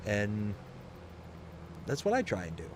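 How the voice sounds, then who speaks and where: A man's voice: lowish voice, wildly swooping pitch, unhurried, noisy background. A young man from the US South hosting a live game stream, chatting casually and reading chat messages aloud in an upbeat, rambling way. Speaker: livestream host.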